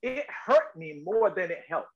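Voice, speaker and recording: A middle-aged man with a high-pitched voice tells stories as a talk show guest. He is lively and emphatic and puts on voices for the people he quotes. The audio is a little dull and lo-fi. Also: unhurried. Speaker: actor guest. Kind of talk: animated interview storytelling.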